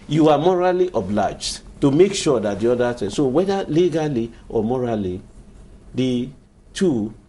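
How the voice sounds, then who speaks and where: A Nigerian man with a relaxed, dark-toned voice talks as a guest on a TV interview. He explains aviation matters at length, emphatic and repetitive in his phrasing. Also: mid-range voice, slightly rough. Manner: emphatic, explanatory, repeats himself. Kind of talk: studio interview answers.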